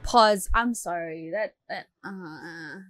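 A woman's voice: on the low side, slow pace, fairly bright tone, no room sound, soft background music. A woman hosting an anime reaction, commenting live, emotional and exclaiming, swearing often.

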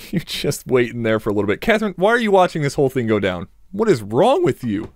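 A man's voice: medium pitch, huge pitch swings, fairly quick, darkish tone, dry recording. A young man doing crude, joking let's play commentary, laughing and talking back to game characters. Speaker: gamer.

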